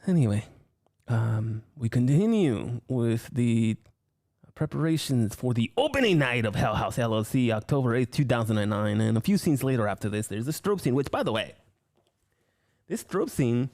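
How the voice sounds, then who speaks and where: A man reviewing a horror film in a casual, talkative way, retelling the scenes as he goes. His pitch swoops and rises with excitement, and his voice has a gravelly texture. He swears freely. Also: normal speed. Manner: animated, swearing storyteller.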